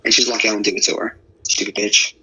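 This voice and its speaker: A man's voice: fairly low pitch, level tone, fast, sharp tone, a little hiss or hum, poor audio. A man giving rambling, blunt, profane casual commentary to an online audience.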